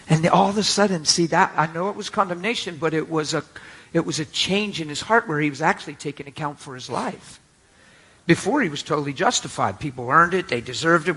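A man preaching a sermon to a congregation, telling a story in an animated way and acting out the voices of the people in it. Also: on the high side, moderate pace, breathy edge. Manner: animated, acts out quoted voices. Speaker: pastor. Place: church before a live congregation.

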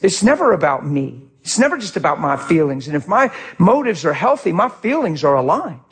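A middle-aged male pastor preaching a sermon with passion, swinging from shouts to quiet, heartfelt talk. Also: fairly high pitch, sing-song, fairly quick, breathy edge.

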